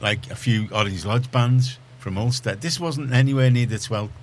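A man's voice: mid-range voice, moderate pace, slight background noise. A middle-aged man, telling stories in casual radio chat, full of restarts and asides. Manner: rambling storyteller, many restarts.

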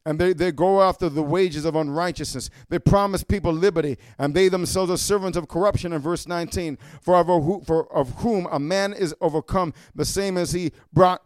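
A male preacher with a high, smooth, resonant voice delivers a fiery sermon. He shouts often and keeps calling "amen?" to his congregation. The sound is dry and close, with no room echo. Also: fairly quick, few pauses.

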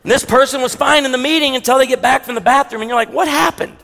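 High-voiced pastor preaching in a hall. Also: male voice, very fast, gravelly. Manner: animated, shifts between hushed emphasis and loud punchy delivery. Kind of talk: sermon. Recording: long reverb of a large hall.

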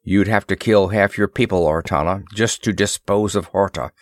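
A man's voice: sits low, normal speed, dry recording, studio quality, lightly acted. A man voicing a determined male expedition leader who talks bluntly and emphatically. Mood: firm. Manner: firm, clipped, emphatic speech.

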